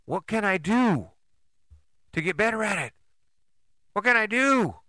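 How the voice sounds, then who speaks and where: Blunt older man, bright animated voice. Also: high voice, measured pace, no room sound. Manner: blunt, swearing, rhetorical questions. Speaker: podcast host. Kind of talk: motivational monologue.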